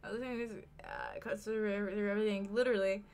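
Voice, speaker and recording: A woman's voice: medium pitch, steady tone, fast talker, creaky, a little mellow, smooth. A young Australian woman from Queensland, rambling and swearing as she chats casually with her live-stream audience. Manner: rambling, swearing, jokey, frequent laughs. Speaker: livestreamer.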